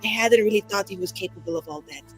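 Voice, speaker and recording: A woman at the table gives voice to a brash young mage with a sharp tongue. She curses and rambles, tripping over her words when flustered. Her pitch sits in the middle range, with soft background music. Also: fast talker, slightly rough, lightly acted. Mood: bashful. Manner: swearing, rambling, teasing. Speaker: player.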